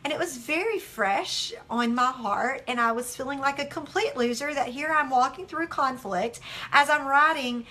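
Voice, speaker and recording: A middle-aged woman giving a devotional teaching talk, telling candid stories with animated delivery and acting out what people said. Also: high-pitched, normal speed. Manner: animated, candid storytelling that acts out its own quotes. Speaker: devotional author and speaker.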